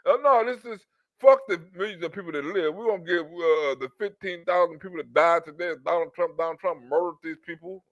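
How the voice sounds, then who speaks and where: A man hosting a comedy show, giving loud, mocking, profane commentary on clips. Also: high-pitched, brisk, dry recording, highs cut off.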